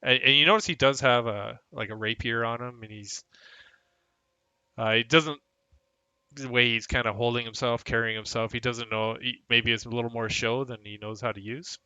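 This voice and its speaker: Gravelly, bright-voiced man running a game. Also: medium pitch, fairly even intonation, no room sound, lo-fi sound. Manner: halting, full of fillers. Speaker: game master. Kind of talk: narrating a tabletop game.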